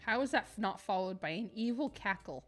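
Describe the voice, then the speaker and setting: An excitable woman streams a game live, laughing and cursing at the villains as she plays. Her voice sits at a middle pitch, with faint game music underneath. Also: fairly quick.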